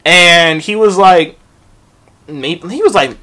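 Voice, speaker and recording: A young man recounts a school story for his vlog, swearing freely and jumping into lively acted-out quotes. His voice sits a bit higher than most men's. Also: slow pace. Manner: profane, animated retelling with acted-out quotes. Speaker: vlogger.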